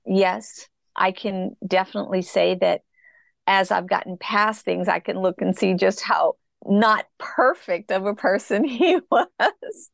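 Earnest woman with a gravelly voice. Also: mid-range voice, dry recording, studio quality. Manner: reflective, earnest, slow in places. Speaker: guest. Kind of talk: personal story in an interview.

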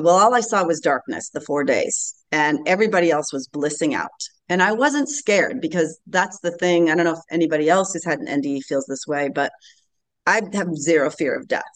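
A woman in her late fifties, a podcast guest telling a personal story in an earnest, animated way. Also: low voice. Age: late 50s. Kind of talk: casual interview storytelling.

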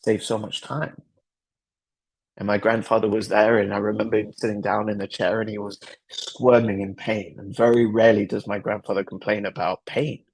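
A man's voice: lowish voice, level tone, normal speed, vocal fry, breathy edge. A man hosting a podcast, telling a personal story in an earnest, reflective way with a lot of repetition. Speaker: podcast host. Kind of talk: personal story, motivational talk.

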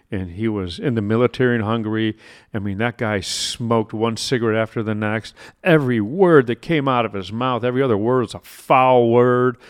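A man's voice: medium pitch, clear, resonant tone, dry recording, studio quality. A man hosting a podcast, telling a motivational personal story in a conversational way, with asides to the listener. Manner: conversational, with frequent asides and restarts. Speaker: podcast host.

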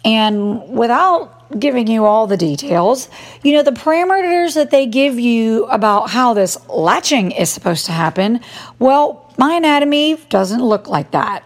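A middle-aged woman telling a personal story in a lively, self-mocking way, acting out what people said. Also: fairly high pitch. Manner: animated, self-mocking storytelling with acted-out quotes. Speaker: mom vlogger. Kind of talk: storytelling monologue.

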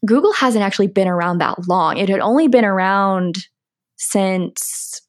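A young American woman talks as a podcast guest in a relaxed, conversational way. She laughs easily and fills her sentences with "like" as she explains things. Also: mid-range voice, unhurried. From United States. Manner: chatty, laughs often, lots of "like" fillers. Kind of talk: casual interview conversation.

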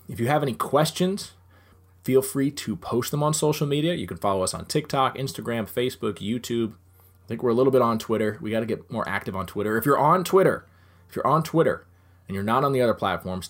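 A young adult man who trains dogs and hosts a podcast, explaining things in a lively way and repeating phrases for emphasis. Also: fairly low pitch. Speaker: dog trainer and podcast host. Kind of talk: solo podcast monologue.

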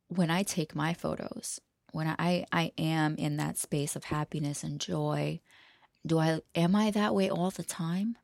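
A woman hosts her podcast in a loose, unscripted monologue, drifting between thoughts and slipping into soft whispers. Her voice sits low with a gravelly fry. The recording is dry and close, with no room sound. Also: no room sound. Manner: rambling, laughs often, drops to a hushed whisper at times. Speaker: podcast host. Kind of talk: casual freestyle monologue.

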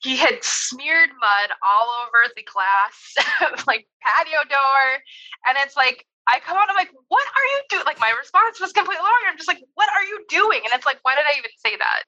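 A woman in her thirties with a very bright, fairly high voice, chatting as a guest on an interview. She tells stories animatedly, laughs often and acts out her own quoted lines with big jumps in pitch. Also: lively intonation, normal speed, dull audio. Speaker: developmental therapist guest. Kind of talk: conversational podcast interview.

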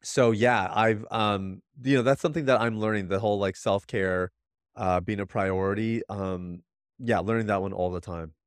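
A man's voice: on the low side, steady tone, moderate pace, smooth, dry recording, clean studio sound. A man in his thirties, a podcast guest, talking earnestly and reflectively in casual conversation, with many restarts.

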